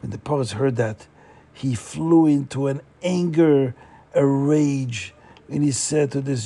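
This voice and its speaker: A man narrates a story in a loose, chatty way, with frequent fillers and restarts. His voice is gravelly and husky, pitched slightly high but dark and mellow in tone. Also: slow pace. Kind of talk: casual oral storytelling.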